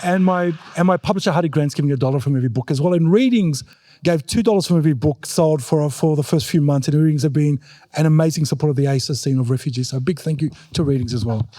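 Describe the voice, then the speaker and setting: A man's voice: fairly high pitch, quick pace, slight background noise. A man speaking on a festival panel as an author and advocate, telling stories animatedly and mimicking voices. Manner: animated storyteller who mimics his mother in a raised voice. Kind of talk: panel talk at a book festival.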